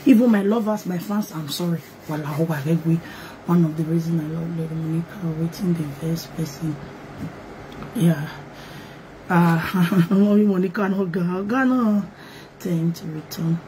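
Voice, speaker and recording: A woman's voice: lowish voice, normal speed, mellow, a little hiss or hum, low-quality recording. A woman with a Nigerian accent talking on a live video, pleading and apologizing, switching between English and pidgin. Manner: pleading, mixes English and pidgin with singing chant. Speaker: online gist host.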